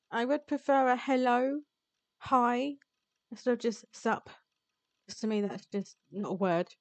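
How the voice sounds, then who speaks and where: A woman VTuber reading a visual novel aloud on stream, chatty and quick to laugh. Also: medium pitch, no room sound. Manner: chatty, reads game text aloud, laughs often. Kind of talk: live-streamed visual novel read-along.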